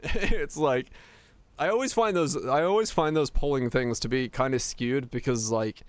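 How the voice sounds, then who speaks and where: A man's voice: mid-range voice, moderate pace, dry recording. Man rambling casually on stream. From Finland. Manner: rambling, many restarts and fillers, chuckling. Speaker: game streamer. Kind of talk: casual chat while streaming, answering chat.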